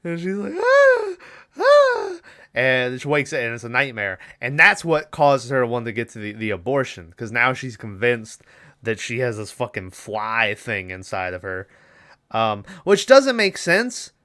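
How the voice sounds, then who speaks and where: Lively, bright-voiced young man recapping a film. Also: medium pitch, normal speed. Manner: rambling, profane, acts out lines from the film. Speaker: podcast co-host. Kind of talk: casual movie recap.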